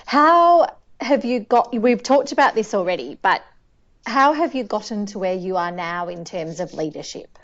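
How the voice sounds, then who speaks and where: Woman podcast host, friendly quick questions and yeahs, medium pitch, muffled lo-fi audio. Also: animated. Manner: friendly, brief affirmations and questions. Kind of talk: casual interview.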